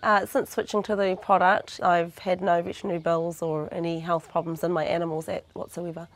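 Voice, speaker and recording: A woman farmer gives a calm, approving testimonial about her animals. Her voice sits on the lower side for a woman. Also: fairly quick. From New Zealand. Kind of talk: testimonial interview.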